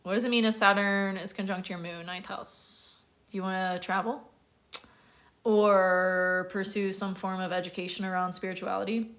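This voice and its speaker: American lady in her 30s doing a chatty livestream q&a, bright voice, laughs a lot. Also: mid-range voice, little pitch movement, moderate pace. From United States. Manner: casual, chatty, laughs often, reads viewer comments aloud. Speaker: astrologer.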